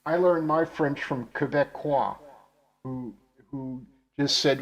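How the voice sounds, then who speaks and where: A man from the United States hosting a casual chat, telling rambling, animated stories that trail off into asides. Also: mid-range voice, slow, low-quality recording. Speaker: host.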